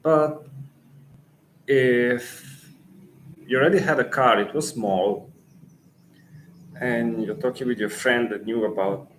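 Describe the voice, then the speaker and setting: A man with an Italian accent, a native Italian speaker coaching Italian in a live Q&A lesson, pausing thoughtfully and restarting phrases. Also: medium pitch, fairly bright tone, slight background noise, poor audio.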